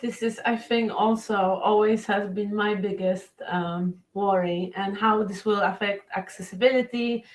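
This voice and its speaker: A woman's voice: medium pitch, steady tone, measured pace, few pauses, rough recording. A woman moderating an online panel over a video call, friendly and a little rambling.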